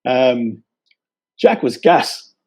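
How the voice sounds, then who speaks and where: Husky West Cork man telling old stories. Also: mid-range voice, drawn-out words. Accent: Irish, West Cork. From Ireland. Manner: relaxed storytelling with fillers. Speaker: guest, photographer. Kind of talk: casual chat. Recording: dull lo-fi sound.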